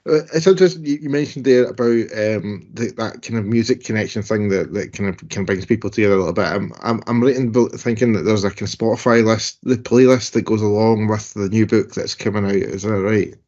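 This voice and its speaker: A man's voice: on the low side, a little fast, few pauses, a little mellow. A man hosting an interview over a video call, asking tentative questions full of hedges. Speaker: librarian host. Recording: dull lo-fi video call audio.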